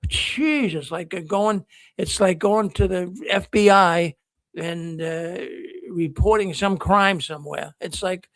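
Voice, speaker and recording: A man's voice: high voice, slow pace, fairly bright tone, no echo. A man hosting a live call-in show, talking casually and rambling through stories with many restarts. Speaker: host of a call-in livestream show.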